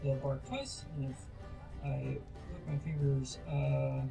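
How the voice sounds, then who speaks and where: A man's voice: mid-range voice, steady tone, takes it slowly, vocal fry, low-quality recording. Rambling hobbit farmer, done by a man, boastful, flustered, music bed. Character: chatty friendly male hobbit farmer with dogs.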